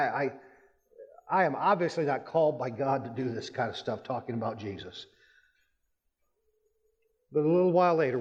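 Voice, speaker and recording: A pastor giving a sermon, telling personal stories with emphatic rises in his voice. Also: darkish tone. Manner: storytelling, emphatic rises in pitch. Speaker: Baptist pastor. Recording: muffled church hall with long reverb.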